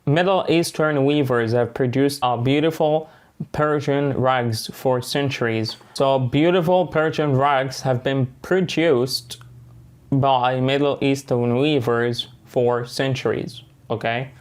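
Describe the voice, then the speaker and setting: A man's voice: medium pitch, takes it slowly, clean tone. A man with an Egyptian accent teaching an online English lesson, switching between English and Arabic and often checking in with "okay" and "right".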